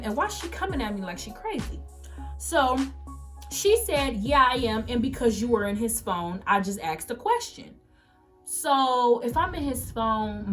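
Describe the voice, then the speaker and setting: A young woman in her late teens telling a story-time vlog, animated and emphatic, acting out the quoted messages as she goes. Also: medium pitch. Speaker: vlogger.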